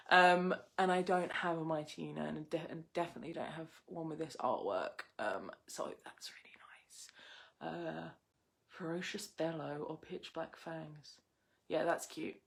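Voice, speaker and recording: A young woman hosting a casual live unboxing, chatty and excitable, gushing over each card she pulls. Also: lowish voice. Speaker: livestream host opening card packs.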